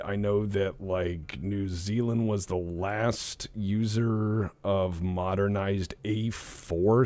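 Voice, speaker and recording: A man's voice: low-pitched, a little mellow. A man hosting a casual gaming stream, rambling and joking, swearing freely and restarting his sentences. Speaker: streamer host.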